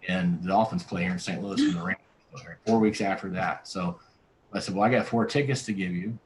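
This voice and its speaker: Brief: male pastor as guest, very low voice, earnest storyteller, keeps restarting lines. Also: a little fast, a little hiss or hum, low-quality recording. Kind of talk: storytelling in a conversational interview.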